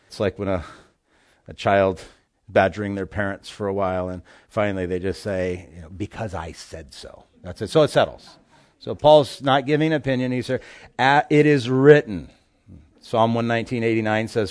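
A male pastor delivers a sermon at a middle pitch, pressing his points with emphasis. He keeps throwing rhetorical questions at the listeners. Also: a little mellow.

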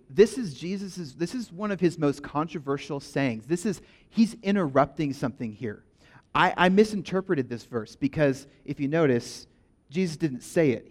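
A young man preaching a sermon in a conversational, energetic way, with playful asides to the congregation. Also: on the high side. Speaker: pastor.

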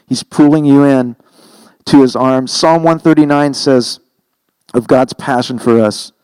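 A man's voice: medium pitch, fairly even intonation, a little slow, darkish tone, clear, resonant tone, dry recording, rough recording. A middle-aged man preaching a sermon in an earnest, conversational way, heavy-hearted and emotional, stumbling and correcting himself as he goes. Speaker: pastor.

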